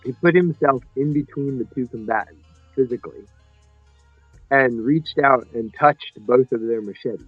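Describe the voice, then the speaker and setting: A man's voice: medium pitch, moderate pace, breathy edge, no room sound, soft background music. A man casually telling a personal story on a podcast, rambling and correcting himself as he goes. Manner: rambling, self-correcting, acts out voices in his stories. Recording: dry, slightly muffled podcast audio.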